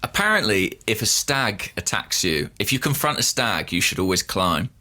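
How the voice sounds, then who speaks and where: A man, co-hosting a casual podcast and telling stories in a wry, deadpan way. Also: fairly low pitch, moderate pace. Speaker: podcast co-host. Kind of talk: casual chat.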